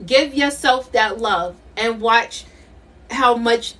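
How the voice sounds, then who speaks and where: A woman's voice: a little high, slow pace, fairly bright tone, distant mic. A middle-aged woman doing a live tarot reading, emphatic and repetitive, laughing often. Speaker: intuitive tarot reader.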